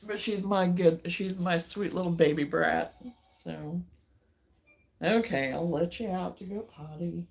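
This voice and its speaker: A woman's voice: fairly low pitch, a little slow, gravelly, breathy edge. A middle-aged woman hosting a casual crochet vlog from her chair at home, chatting to viewers and cooing at her dog in baby talk. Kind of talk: casual chat while crocheting.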